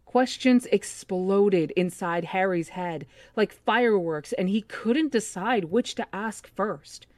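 A woman's voice: medium pitch, slow, few pauses, darkish tone, no room sound. A woman hosting a book club podcast, reading a novel aloud steadily and correcting her own slips. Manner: reads steadily, with slips she corrects herself.

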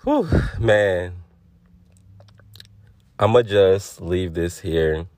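A man's voice: deep voice, very slow, darkish tone, dry recording, studio quality. A man in his twenties hosting his own podcast, talking to his listeners in a heartfelt, reflective monologue. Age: 20s. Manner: heartfelt, addresses listeners as y'all. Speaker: podcast host.

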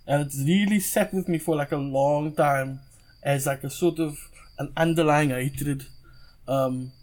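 A young man with a South African accent, a podcast guest telling stories in a loose, animated way, laughing often and swearing freely. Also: on the high side, measured pace. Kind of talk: casual storytelling.

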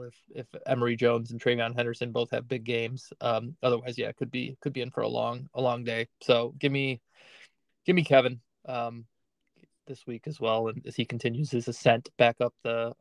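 A man's voice: medium pitch, fairly even intonation, normal speed, creaky. A man talks through a casual podcast chat with plenty of "right?" and "like" tags. His voice sits in a middle register. The sound is dry and close, with no room echo. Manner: conversational, hedging with "right?" and "like". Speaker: fantasy football podcast co-host.

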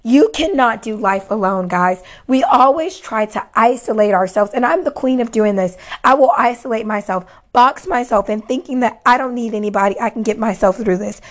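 A woman with a hoarse, worn voice, giving casual faith-based encouragement to viewers and repeating her key lines for emphasis. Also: fairly high pitch. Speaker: faith-based motivational speaker.

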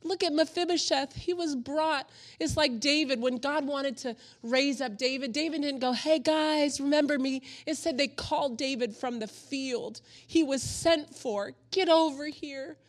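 A woman's voice: high voice, moderate pace, few pauses. A middle-aged woman pastor preaching a sermon, earnest and emotional, mixing scripture with homey stories.

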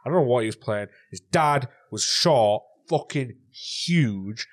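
A man co-hosting a podcast, chatting casually and telling animated stories with lots of swearing. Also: mid-range voice, unhurried. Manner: swears a lot, animated storytelling. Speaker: podcast co-host. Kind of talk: casual chat.

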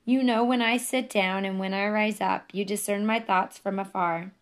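A devout man recites scripture slowly and solemnly, as a woman reading her memoir voices him. The delivery is measured and reverent, with little change from the narrator's own voice. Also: medium pitch, steady tone, close to an everyday voice.

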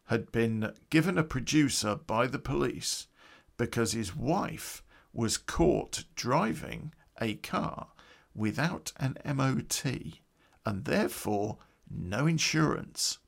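A man's voice: mid-range voice, creaky, fairly bright tone. A man telling a personal story on a podcast in a casual, profane, conversational way with chuckling asides.

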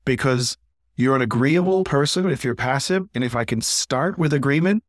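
A man's voice: mid-range voice, normal speed, no echo. Man explaining earnestly in a dry recording. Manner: earnest, explanatory, lots of "right?" asides. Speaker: guest, communication trainer. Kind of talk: podcast interview.

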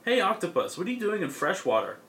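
A man's voice: sits high, wildly swooping pitch, fast talker, a bit bright, slight background noise, voice pushed up, full character voice. A man voicing a cheerful, clueless plumber hero in a chirpy, raised voice while retelling a comic. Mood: cheery.

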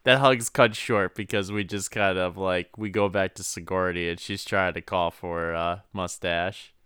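Smooth-voiced man riffing in dry close sound. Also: low voice, steady tone, measured pace, fairly bright tone, no room sound. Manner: laughing, riffs on the jokes. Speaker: podcast co-host. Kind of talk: casual comedic chat.

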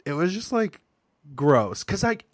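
A man's voice: sits high, sing-song, a little slow, dry recording. A man from the San Francisco Bay Area co-hosting a podcast, chatting casually with a sassy, self-critical manner. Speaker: podcast co-host. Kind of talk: casual chat.

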